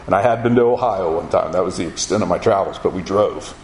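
A man's voice: sits low, fast. Middle-aged Florida man, folksy yarn-spinner, roomy echo with faint hiss behind. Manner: folksy, animated storytelling with acted-out quotes. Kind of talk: casual spoken memoir. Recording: echoey room with faint ambient noise.

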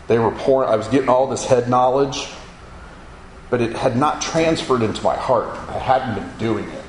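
A man's voice: medium pitch, animated, moderate pace, roomy sound, slight background noise, rough recording. A man giving a spoken testimony to an audience, telling his story vividly and acting out the voices of the people in it. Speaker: speaker giving a personal testimony.

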